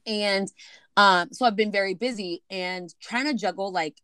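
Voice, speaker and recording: Woman, podcast co-host, casual storyteller. Animated and profane, acts out the people in her stories, mid-pitched, recorded close and dry. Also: moderate pace, clean tone, dry recording.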